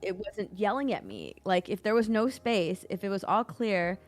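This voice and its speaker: A woman's voice: mid-range voice, normal speed, faint music behind. A woman chatting casually on a stream, telling a story animatedly and acting out what people said. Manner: animated storyteller, acts out quotes. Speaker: stream co-host. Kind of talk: casual chat while painting.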